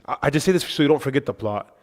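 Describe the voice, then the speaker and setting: A man giving a religious lesson in a mosque, telling lively anecdotes with quick asides. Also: mid-range voice. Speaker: religious teacher. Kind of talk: storytelling lesson to a congregation. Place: mosque hall. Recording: reverberant mosque hall.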